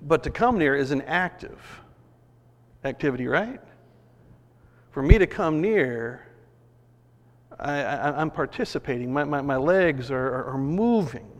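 A man preaching a sermon, telling a story in an animated way and acting out the voices of people in it. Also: fairly high pitch, unhurried, pauses often. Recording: long reverb of a large hall.

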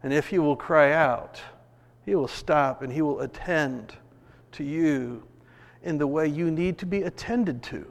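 A man's voice: on the high side, a little slow, creaky. Man preaching in an echoing hall. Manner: animated storytelling, acting out voices. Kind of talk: sermon. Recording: long reverb of a large hall.

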